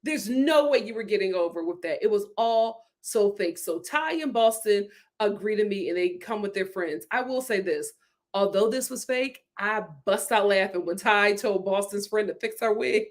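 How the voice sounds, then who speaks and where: A woman hosting a casual vlog review, animated and sassy, often laughing. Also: mid-range voice, moderate pace. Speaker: vlog host reviewing a reality show.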